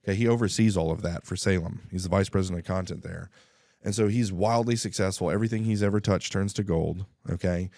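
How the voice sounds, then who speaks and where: A man telling his life story in a casual interview, animated, acting out dialogue and often clearing his throat. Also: low-pitched, no echo, studio quality. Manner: animated, acts out dialogue with quick voice shifts; frequent throat clearing and restarts.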